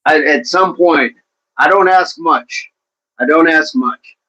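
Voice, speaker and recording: A man hosts a casual livestream, reading his chat and answering viewers by name in a talkative, encouraging way. His voice is bright and sits a little high, and the stream audio is dull and lo-fi. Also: slow.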